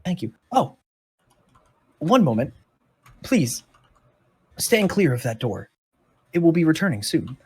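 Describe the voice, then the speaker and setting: A man's voice: on the high side, very animated, slow, long pauses, darkish tone, a little hiss or hum, pitched above the performer's own voice. A man voicing a polite, fussy, many-eyed floating creature that collects specimens, lifting his voice and sometimes dropping to a whisper. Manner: courteous, fussy, drops to a whisper.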